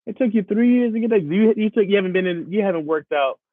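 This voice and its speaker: A man voicing his own fed-up body as a sassy male figure who lectures him for quitting workouts. The figure talks in a high-pitched voice. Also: animated, quick pace, no echo. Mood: scolding. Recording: tinny phone-like, dry.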